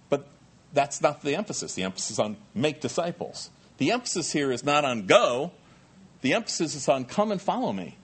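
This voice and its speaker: A middle-aged male pastor preaching a sermon in a lively, conversational way with jokey asides. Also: medium pitch, fairly quick, breathy edge.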